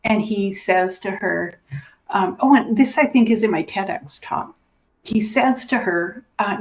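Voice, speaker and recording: Woman dementia educator, lively storyteller, voices the people she describes. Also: medium pitch, a little slow. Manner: animated, acts out the people in her stories. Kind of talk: teaching through stories.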